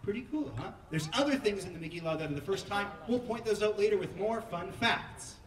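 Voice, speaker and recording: A man leading a playful scripture reading as a rabbi, teasing and prodding the congregation with quick jokes and asides. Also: sits high, expressive. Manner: joking, teasing, audience-prodding. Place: synagogue sanctuary. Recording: echoey hall heard from far off.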